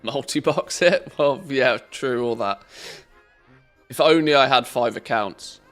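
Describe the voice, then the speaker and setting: A man with a mid-pitched voice chats and jokes while streaming a game, swearing casually and rambling between moves. Faint music plays under his voice. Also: measured pace, a bit bright. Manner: joking, swearing, loose chatter while playing. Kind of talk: casual live-stream commentary.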